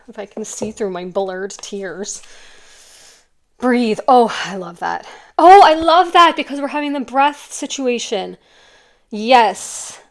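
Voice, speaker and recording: A middle-aged woman giving a pick-a-card tarot reading in a chatty, emotional, rambling way. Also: medium pitch.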